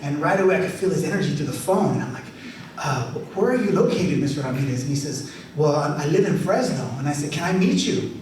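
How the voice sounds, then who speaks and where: A man, an author, telling a lively story to a live audience, chatty and animated, leading the crowd in call-and-response. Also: on the high side, quick pace. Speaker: author giving a reading. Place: event hall with an audience. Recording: very echoey hall, far from mic, faint hiss.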